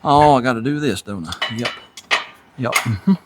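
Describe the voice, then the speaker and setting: A Tennessee man with a Southern US accent hosts a garage channel from his home workshop, keeping the vlog talk casual, folksy and self-deprecating with plenty of chuckles. His mid-range voice is animated at a normal speed, with background noise.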